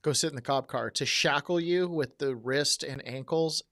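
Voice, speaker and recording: A man's voice: a little high, normal speed, fairly bright tone, no room sound, clean studio sound. A man hosting a casual talk show, interjecting in an indignant, emphatic way. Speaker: host.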